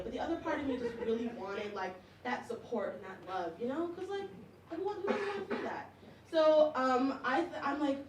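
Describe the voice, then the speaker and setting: A young woman tells stand-up stories in a chatty, self-mocking way, breaking into laughs. Her high voice rings in an echoey club room. The mic sits at a distance, with a crowd and noise audible behind her. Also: expressive, moderate pace. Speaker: stand-up comedian. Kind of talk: stand-up comedy set. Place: comedy club stage with audience.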